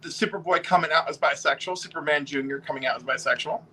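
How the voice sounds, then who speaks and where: Male host, high bright voice, animated, cheeky comic-book talk. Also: fast talker, a little hiss or hum, low-quality recording. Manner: animated, profane, joking storyteller. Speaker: host showing comic books. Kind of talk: casual chat. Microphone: video call.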